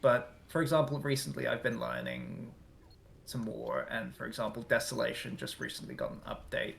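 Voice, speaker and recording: A man co-commentating a strategy game match, chatting about the maps he made between quick play-by-play calls. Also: medium pitch, sing-song, gravelly, a bit bright, slight background noise. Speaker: co-caster and map maker.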